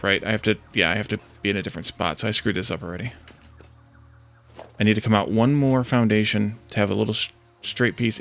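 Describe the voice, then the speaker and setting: This one has a lowish, gravelly voice with a bit of brightness. It's casual let's-play commentary from a building-game stream, where he chats with viewers, reacts to what they type, and talks himself through the construction step by step.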